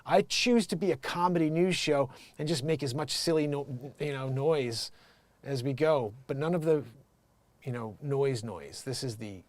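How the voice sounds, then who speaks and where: A man's voice: medium pitch, normal speed, no room sound. A man hosting an improvised comedy news livestream. He rambles, riffs and swears casually. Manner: rambling, riffing, loose and profane. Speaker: comedy news show host.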